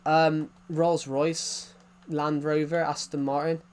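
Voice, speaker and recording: A man's voice: on the high side, little pitch movement, slow, smooth. A man with an English accent, chatting casually with his stream viewers and often restarting his phrases. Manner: rambling, repeats and restarts phrases. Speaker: live streamer reading chat.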